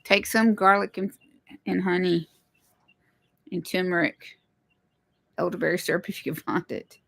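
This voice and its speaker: A woman's voice: lowish voice, steady tone, moderate pace, gravelly, a bit bright, dry recording. A woman, chatting casually with viewers while hosting a home livestream. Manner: chatty, greets viewers, apologizes for tech trouble. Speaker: livestream host, homesteader.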